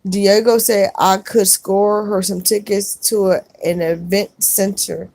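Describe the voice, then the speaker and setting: A middle-aged woman on a casual live stream, reading viewer comments aloud and answering each one warmly. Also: mid-range voice, flat delivery, a little slow, dry recording. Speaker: vlogger reading live chat.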